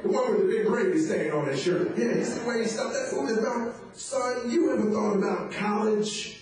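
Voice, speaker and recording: A man's voice: high voice, fairly quick, crowd noise, close to an everyday voice. Man doing a folksy old sports scout. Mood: admiring. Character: eager older male sports scout, folksy. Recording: echoey room, distant mic.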